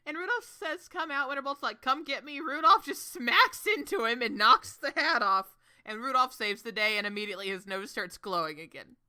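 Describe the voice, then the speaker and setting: A woman's voice: on the high side, expressive, normal speed, pushed and bright. A woman co-hosting a casual podcast, animatedly recapping and acting out characters' lines. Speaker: podcast co-host.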